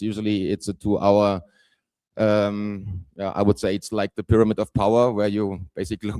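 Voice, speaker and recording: A man in his forties from southern Germany with a German accent, giving a conference talk haltingly with lots of fillers. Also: lowish voice, a little mellow, no echo. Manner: hesitant, many fillers, self-deprecating. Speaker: guest speaker. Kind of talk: conference presentation.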